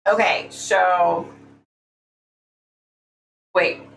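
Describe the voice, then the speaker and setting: A woman's voice: lowish voice, fairly even intonation, drawn-out words, creaky. A woman hosting a casual livestream, talking bluntly and speaking her mind. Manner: blunt, opinionated, says "y'all". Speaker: livestream host. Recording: echoey room, faint hum, mic at a distance.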